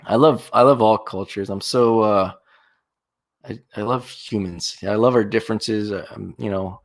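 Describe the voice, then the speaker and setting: A man's voice: lowish voice, a little slow, vocal fry. A young man from Florida chatting casually on a livestream, rambling and restarting his sentences a lot. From Florida, USA. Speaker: livestream host. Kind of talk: casual live-stream chat.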